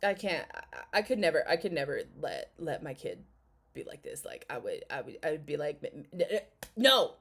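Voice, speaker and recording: Snarky lady in her 30s reacting to a vid, lowish voice that bounces all over, swears a lot. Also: very animated, a little fast, creaky. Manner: blunt, sarcastic, swears a lot, laughs often. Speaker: commentary vlogger. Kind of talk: casual reaction chat.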